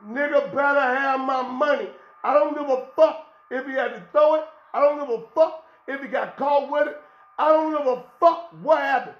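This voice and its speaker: A man's voice: very high-pitched, normal speed, muffled recording. A man hosting his own podcast, lecturing bluntly and profanely in an unscripted rant. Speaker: podcast host. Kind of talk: unscripted street-talk rant. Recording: echoey room.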